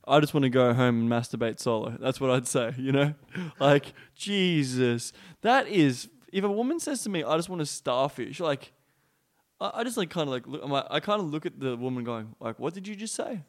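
A man's voice: mid-range voice, expressive, moderate pace. A man hosting a podcast in casual chat, blunt and profane, acting out quotes as he talks. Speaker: podcast host.

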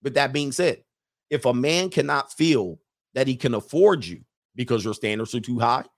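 A man's voice: medium pitch, normal speed. A man hosting a casual commentary show, talking bluntly with profanity and mocking jokes, laughing at his own remarks. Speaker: host.

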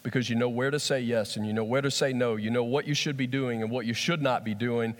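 A man preaching a sermon in an animated way, repeating phrases and swinging between soft and loud. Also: medium pitch, quick pace. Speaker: pastor. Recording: long hall reverb.

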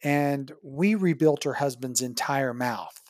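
A dentist guest telling a patient story, acting out both sides of the talk with lively pitch jumps. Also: slow, no echo, clean studio sound. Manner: animated, acts out patient dialogue with big pitch jumps. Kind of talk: storytelling in an interview.

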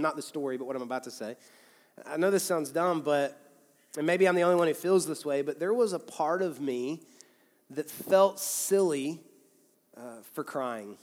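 A man's voice: fairly high pitch, big-room sound. A man in his thirties, a pastor, preaching a sermon in a candid, conversational way, often restarting his phrases. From United States. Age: 30s. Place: church sanctuary with long reverb.

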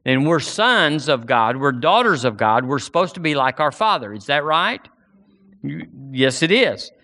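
Impassioned preacher man, bright voice. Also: on the high side, big pitch swings, unhurried. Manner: impassioned, emphatic, rising to near-shouts. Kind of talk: sermon.

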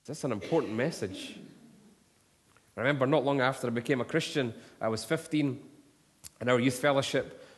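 A man preaches with fervour, building from storytelling to near-shouted appeals. His voice sits in a middle register. A long reverb trails behind every line. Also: mid-range voice, moderate pace, long pauses. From Scotland. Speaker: pastor. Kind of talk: sermon.

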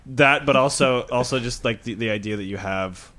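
A man's voice: medium pitch, moderate pace. A man co-hosting a casual podcast, telling crude jokes and laughing into his lines. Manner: animated, laughs mid-sentence. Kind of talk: casual joke-telling chat.

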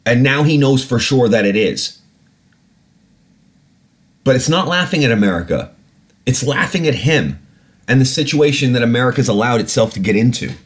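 A man's voice: medium pitch, lively intonation, normal speed, long pauses. A man hosting a podcast, ranting animatedly and swearing freely in casual talk. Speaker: podcast host.

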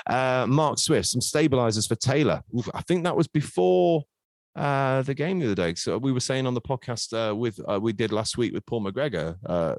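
A man hosting a casual football podcast, jokey and quick to swear. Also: mid-range voice, no echo, studio quality. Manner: brisk, jokey, swears freely. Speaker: podcast host.

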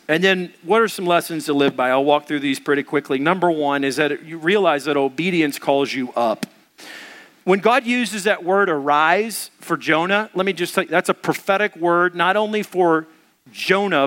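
A high-voiced preacher delivers his sermon loosely and conversationally at a moderate pace. His tone is bright and forward, and he acts out the quotes he relates.

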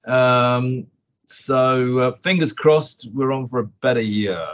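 A man hosts a casual market podcast, chatting along with plenty of ums and restarts. His voice sits at a middle pitch. The recording sounds dull and lo-fi. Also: fairly even intonation, takes it slowly. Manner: chatty, rambling with many fillers and restarts. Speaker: podcast host. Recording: dull lo-fi audio.

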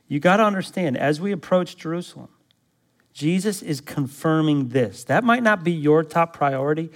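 A man preaching a sermon in an emphatic, pressing way. He keeps asking his listeners to fill in the blanks and repeats himself to drive his points home. His voice sits a little high for a man. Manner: asks the congregation fill-in-the-blank questions. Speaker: pastor.

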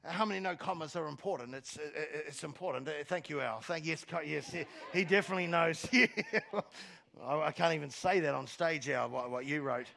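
A man preaching a sermon on a church stage, moving from soft asides to loud exhortation and often repeating words as he starts a phrase. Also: fairly high pitch, normal speed, creaky. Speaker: pastor.

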